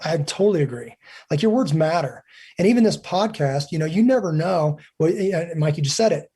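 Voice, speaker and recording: A man in his forties talks quickly and earnestly as a podcast guest, with a fairly high but mellow voice. His tone is a little husky, and he acts out quoted dialogue as he tells his stories. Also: expressive. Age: 40s. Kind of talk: casual podcast conversation.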